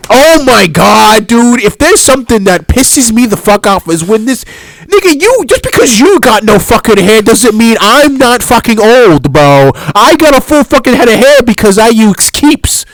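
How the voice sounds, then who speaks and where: A young man on a podcast mic, talking high and lively with big swings in pitch. He tells stories in a casual, loud way, breaks into laughing outbursts and swears freely. The sound is dry and close. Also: normal speed, hardly any pauses, no room sound. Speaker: podcast co-host. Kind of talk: casual comedic podcast banter.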